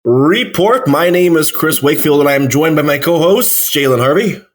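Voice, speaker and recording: A man's voice: on the high side, animated, normal speed. A man hosting a theme park podcast, telling a trip story in upbeat casual chat. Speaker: podcast host.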